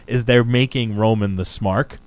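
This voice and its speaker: A man co-hosting a podcast, chatting casually and excitedly about wrestling, with plenty of swearing. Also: normal speed, rough recording. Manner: animated, swearing, pitch jumping up when excited. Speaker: podcast co-host.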